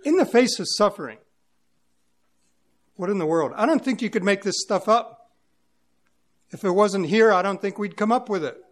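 Man, pastor, high voice, earnest emphatic sermon delivery. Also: animated, normal speed, pauses often. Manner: earnest, emphatic, searching for words. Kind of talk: sermon with scripture reading.

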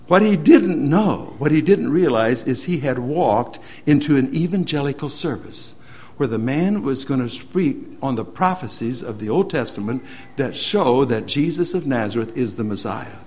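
A man preaching a sermon, earnestly retelling a story and often letting his sentences trail off softly. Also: mid-range voice, lively intonation, moderate pace.

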